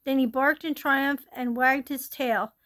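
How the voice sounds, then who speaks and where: High-voiced woman reading a story aloud. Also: measured pace. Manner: steady, gentle read-aloud with small slips.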